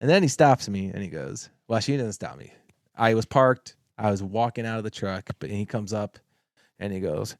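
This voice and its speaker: A man's voice: on the low side, moderate pace, no echo, studio quality. A man co-hosting a podcast, telling a swear-laden story in casual chat and laughing as he talks. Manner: profane, storytelling, laughs often. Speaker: podcast co-host.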